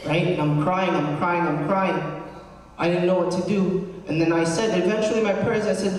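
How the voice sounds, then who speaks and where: A man's voice: high voice, fairly even intonation, moderate pace. A young man, a deacon, giving an earnest personal testimony in a sermon and often checking in with the congregation. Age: young adult. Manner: earnest storytelling, addresses the congregation with "right?". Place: large cathedral. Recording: echoey cathedral hall from far off.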